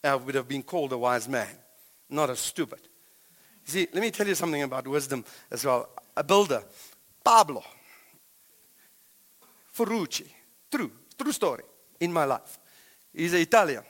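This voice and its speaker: A middle-aged man with a South African accent, preaching a sermon as a pastor in animated storytelling, swinging between loud and hushed. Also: on the high side, normal speed, long pauses, big-room sound.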